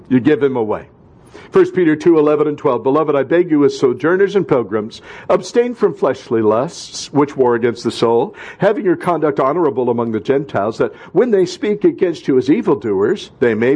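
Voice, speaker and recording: Male pastor, sermon delivery, husky tone, slightly high voice. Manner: preaching with rising emphatic calls and quiet drops.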